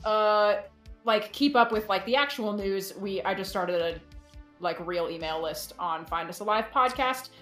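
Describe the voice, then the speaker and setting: A woman's voice: mid-range voice, measured pace, fairly bright tone, soft background music. A woman guesting on a casual podcast, telling dry jokes and laughing at them herself. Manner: dry, joking, laughs at her own jokes. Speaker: podcast guest, fiction podcast producer. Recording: roomy echo.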